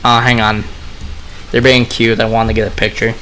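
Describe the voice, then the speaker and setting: A man's voice: on the low side, moderate pace, a little hiss or hum. A young man talking casually to his viewers while playing a game, rambling between gameplay and opinions. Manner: relaxed, rambling, talks to viewers. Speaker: gaming vlogger.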